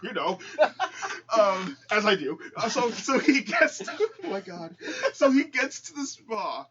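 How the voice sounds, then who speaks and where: A man's voice: sits high, big pitch swings, measured pace, a crowd in the background. A man co-hosting a podcast, recapping a film in casual chat, stumbling and restarting his words often. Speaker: podcast co-host. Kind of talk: casual movie-review chat. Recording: dull lo-fi podcast audio.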